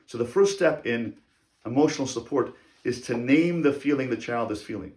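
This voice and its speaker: A man teaching as a rabbi in a religious lecture on parenting, speaking deliberately and repeating key phrases for emphasis. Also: mid-range voice, lively intonation, darkish tone, reverberant.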